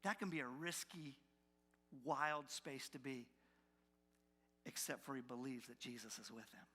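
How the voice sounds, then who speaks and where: A man preaching a sermon as pastor, animated, acting out the doubting voices of the people he describes. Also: mid-range voice, unhurried. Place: church sanctuary. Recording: long hall reverb from a church.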